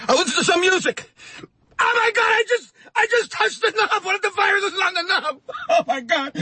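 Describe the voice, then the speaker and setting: A man playing a panicky, germ-terrified New Yorker in a comedy parody, rambling and swinging between panic and self-calming. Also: very high voice, no room sound, full character voice. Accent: New York.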